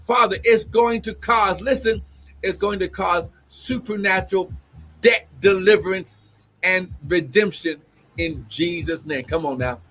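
A man ministering as a prophet in a live-streamed service, fervent, breaking into shouts and tongues with constant exclamations of "glory". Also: high-pitched, a little slow.

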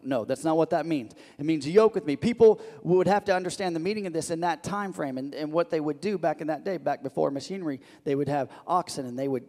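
A man preaching a sermon as a pastor, loud on his emphasis and hushed on his quiet lines, often repeating and restarting words. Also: on the high side, fast talker, few pauses. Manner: animated, swings between loud emphasis and soft hushed lines; frequent repetitions and restarts. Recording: long reverb of a large hall.

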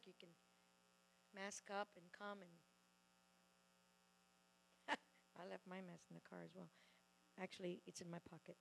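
A woman preaching a sermon in a church hall, loud and fervent, with quick asides and restarts. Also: medium pitch.

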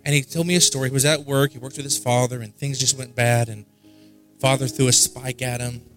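A man's voice: mid-range voice, fairly even intonation, a little fast, fairly bright tone, soft background music. A man preaching at a worship service. He tells a story in a casual, conversational way and often repeats himself for emphasis. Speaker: pastor. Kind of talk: sermon. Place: church service.

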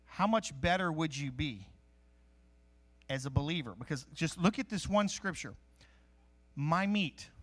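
A man preaching a sermon in a conversational, animated way, teaching from scripture with jokes and asides. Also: a little high. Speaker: pastor. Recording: live-streamed sermon.

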